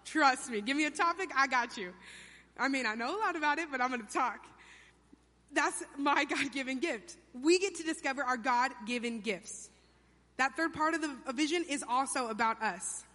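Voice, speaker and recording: A woman's voice: sits high, moderate pace, pushed and bright. A young adult woman preaching a sermon in a church, chatty and playful, acting out quotes in funny voices. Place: church sanctuary. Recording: long hall reverb.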